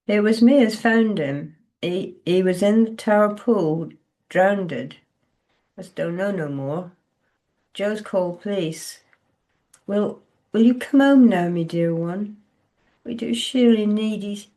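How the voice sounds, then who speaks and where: A woman reading aloud, voicing a tender older countrywoman with a broad rural dialect who speaks slowly and soothingly. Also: medium pitch, mellow, pitched above the performer's own voice. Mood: grieving. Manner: slow, soothing, coaxing.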